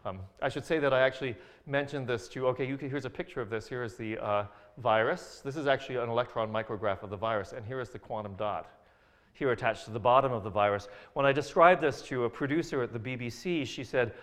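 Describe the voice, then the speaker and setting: A man's voice: mid-range voice, fast talker, fairly bright tone. A man giving an academic science lecture over slides, hesitant with many fillers and restarts, with dry jokes.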